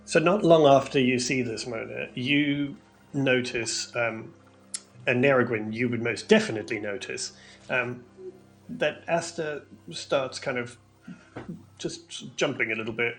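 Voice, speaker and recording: A man acts as game master in a tabletop game, describing a muddy swamp trek in a voice that sits at an ordinary middle pitch. He talks in a relaxed, halting way, leaning on ums and fillers between phrases. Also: faint music behind. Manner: hesitant, full of ums, kind of. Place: home room.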